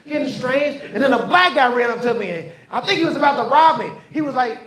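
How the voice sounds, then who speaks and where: A man's voice: very high-pitched, lively intonation, quick pace, crowd noise. A man doing a stand-up routine on a comedy club stage, telling loose, profane stories and repeating his lines. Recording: echoey live venue.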